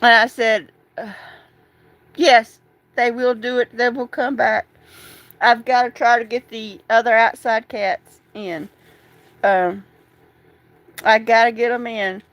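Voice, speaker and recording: A woman, talking through grief on a live stream, halting and repeating herself, tearful at times. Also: fairly high pitch, fairly even intonation, fairly bright tone, no echo, rough recording. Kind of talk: emotional live stream chat.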